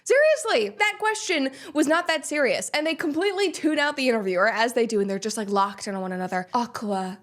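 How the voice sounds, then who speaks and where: A woman hosts a casual commentary show in a high, bright-sounding voice. She talks in a sarcastic, animated way and breaks into laughs between points. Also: brisk, hardly any pauses. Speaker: show host. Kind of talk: casual pop-culture commentary.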